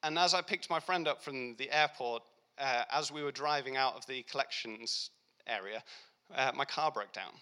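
A young man giving a heartfelt personal faith testimony, speaking earnestly and reflectively with pauses and restarts. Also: medium pitch, pushed and bright, clear, resonant tone. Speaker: Christian speaker.

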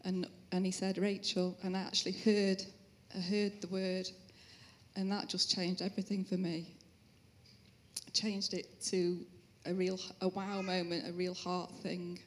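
A woman speaking as an interview guest, sharing her personal faith story and family life in a gentle, sincere way. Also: fairly low pitch, little pitch movement, unhurried, slight background noise. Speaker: interview guest, musician's wife. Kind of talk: personal testimony.

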